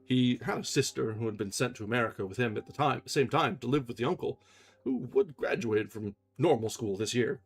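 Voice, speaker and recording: Husky-voiced man reading a novel aloud. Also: mid-range voice, fairly quick. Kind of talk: audiobook-style reading on a livestream.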